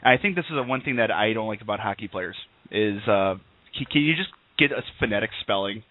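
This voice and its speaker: A man's voice: lowish voice, expressive, fast talker, no room sound. A man hosting a casual internet radio chat, joking and laughing often. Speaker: podcast host. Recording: tinny phone line, dry.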